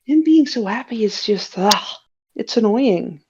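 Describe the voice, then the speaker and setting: A woman's voice: on the high side, lively intonation, unhurried, a little mellow, slightly rough, lo-fi sound. A woman on a fan podcast panel, talking in a casual, conversational way.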